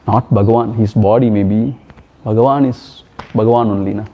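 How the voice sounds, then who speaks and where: A man's voice: fairly low pitch, fairly even intonation, fairly quick. A man with an Indian English accent, a swami teaching a retreat, giving a spiritual discourse with a storyteller's emphatic repetitions. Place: ashram hall. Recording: dull lo-fi sound.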